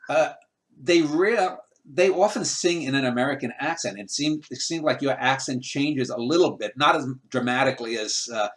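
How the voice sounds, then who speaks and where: A man hosting a video-call interview, asking questions in a halting, casual way full of uh fillers. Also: medium pitch. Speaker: interviewer host.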